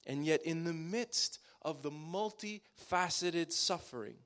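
A man preaching a sermon to his church, building phrases up and letting them fall away to a hush. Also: a little high, a little slow. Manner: dramatic, swelling then dropping to hushed phrase endings.

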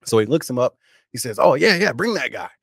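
A man hosting a casual chat, reacting quickly and laughing a lot. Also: mid-range voice, very animated, vocal fry, fairly bright tone, breathy edge, no echo, studio quality.

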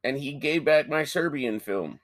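A man co-hosting a casual podcast, telling stories in a profane, animated way. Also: on the high side, moderate pace, no echo. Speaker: podcast co-host. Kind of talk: casual chat.

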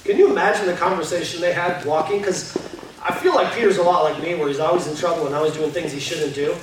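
A man preaching a sermon as pastor, conversational and earnest, sometimes quick and sometimes slow for emphasis. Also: high-pitched, fairly bright tone, a little hiss or hum. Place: church sanctuary. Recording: distant mic in a very echoey hall with faint guitar.

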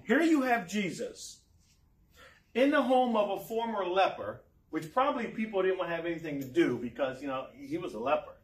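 A man preaching a sermon, lively and full of rhetorical questions, chuckling now and then. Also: high-pitched, moderate pace. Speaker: pastor. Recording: roomy echo, mic far off.

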